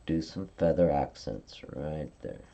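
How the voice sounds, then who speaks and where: Low, mellow woman teaching a craft live. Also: expressive, a little slow, gravelly, lo-fi sound. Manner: chatty step-by-step instruction, frequent "okay?" check-ins. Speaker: card-making demonstrator. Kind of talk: live-stream craft tutorial.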